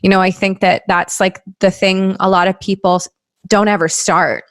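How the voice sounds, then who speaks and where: A woman's voice: mid-range voice, little pitch movement, moderate pace, dry recording, studio quality. A woman hosting a podcast, talking in an earnest, encouraging way and laughing easily. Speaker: podcast host. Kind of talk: casual conversational interview.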